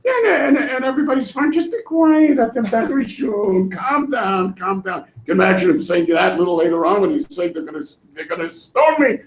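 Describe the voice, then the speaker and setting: A man teaching a Torah class in an animated way, acting out voices and laughing often. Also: high voice, fairly quick, few pauses. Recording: echoey room.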